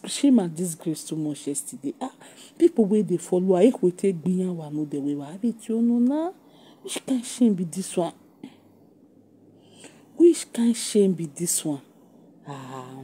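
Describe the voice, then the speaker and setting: A woman speaking Nigerian Pidgin English runs a casual gossip commentary for her online viewers. Her voice is very dark and mellow, with a husky edge. She mocks and laughs often. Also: low-pitched. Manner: animated, mocking, laughs often.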